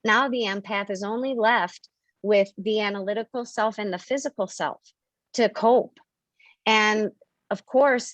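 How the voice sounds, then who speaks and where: A woman's voice: a little high, fairly bright tone, no room sound. A woman hosting a spiritual members' call on video, explaining earnestly and acting out examples.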